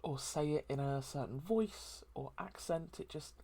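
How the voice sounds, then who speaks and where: A host talking through a heartfelt solo chat in a soft, hesitant and reflective way, with many pauses and ums. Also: medium pitch, gravelly. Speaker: daily channel host.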